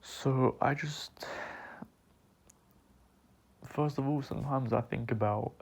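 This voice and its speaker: Man, crying, husky half-whisper, creaky, very slow, choked pauses. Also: medium pitch. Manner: halting, choked, with long pauses and sighs. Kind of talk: tearful personal apology monologue.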